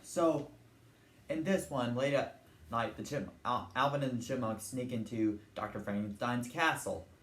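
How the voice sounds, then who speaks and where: A man's voice: mid-range voice, unhurried, a bit bright. A young man hosting a casual vlog. He rambles and wanders between topics, retelling cartoon scenes and briefly putting on character voices. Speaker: channel host. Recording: echoey room with faint ambient noise.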